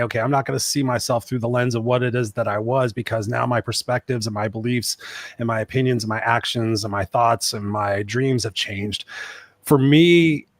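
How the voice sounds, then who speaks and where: A man's voice: medium pitch, no room sound. A man in his fifties, a guest life coach in a casual panel discussion, telling a personal story earnestly and repeating phrases for emphasis. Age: 50s.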